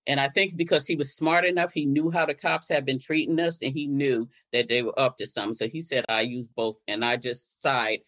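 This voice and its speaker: A bass-voiced older woman from Connecticut talks fairly quickly with few pauses, fairly even intonation, and a bit of brightness. As a guest and activist, she recounts events conversationally and acts out the dialogue she quotes.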